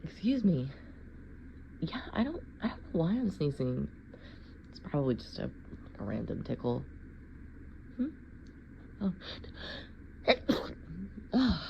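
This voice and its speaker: A woman's voice: deep voice, very animated, a little slow, creaky, long pauses, slight background noise. A woman acting out a solo scenario, cooing at a pet and stammering flustered denials, in a slightly dull lo-fi recording. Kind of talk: acted solo sneeze scenario.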